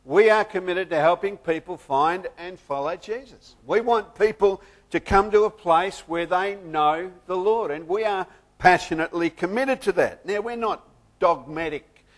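A man pastor who prays softly, then preaches a sermon with lively humor and jokes. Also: high-pitched, moderate pace.

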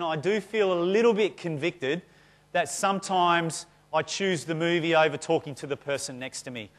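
Lively, conversational male pastor preaching. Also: a little high. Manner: conversational, self-deprecating, lively storytelling. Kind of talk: sermon. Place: church.

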